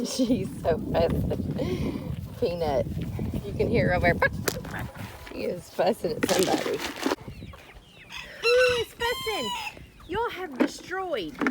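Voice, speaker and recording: Lady chattering at her hens and goats, voice bouncing all over, clucking chickens all around outside. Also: a little high. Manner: chatty, talks to her animals, teasing scolding. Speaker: farm vlogger. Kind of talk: casual farm vlog chat. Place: outdoor farmyard with chickens and goats. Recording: noisy outdoor farmyard, clucking chickens.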